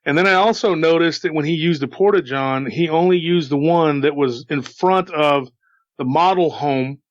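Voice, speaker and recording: A man's voice: a little high, moderate pace, dry recording. A man casually telling a paranormal story he heard, chatty and repetitive, with asides to the listener. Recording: dull, slightly lo-fi dry sound.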